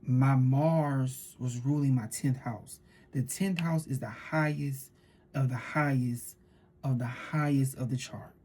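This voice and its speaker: A woman talks through a tarot reading in a loose, animated way and circles back to repeat her points. Her voice is breathy and husky, with a dark, relaxed tone. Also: a bass voice, slow. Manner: animated storytelling with repeated phrases. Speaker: tarot reader. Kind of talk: casual tarot reading monologue.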